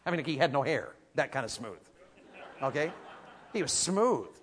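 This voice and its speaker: A man preaching a sermon, telling a story with animated energy, asking the crowd questions and building to shouts. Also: medium pitch, moderate pace, in a large hall. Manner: asks the audience questions.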